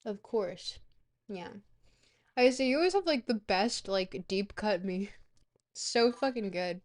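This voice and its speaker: A woman's voice: medium pitch, animated, takes it slowly, a little mellow. A woman streamer in a casual livestream chat, goofy and rambling, swearing freely.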